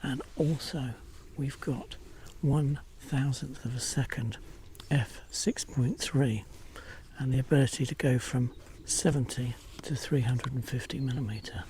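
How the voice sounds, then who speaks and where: A man vlogging outdoors in a forest while hunting wildlife photos, often dropping to a hushed whisper, with many pauses and fillers. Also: medium pitch, noisy background. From England. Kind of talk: casual outdoor vlog narration. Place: outdoors in a forest among bracken. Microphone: small handheld camera mic.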